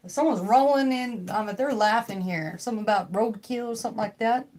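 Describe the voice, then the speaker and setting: A woman's voice: on the high side, normal speed, a little mellow, a little hiss or hum. Rambling woman doing a tarot livestream. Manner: rambling, joking, talks to chat. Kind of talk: casual live tarot stream. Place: home.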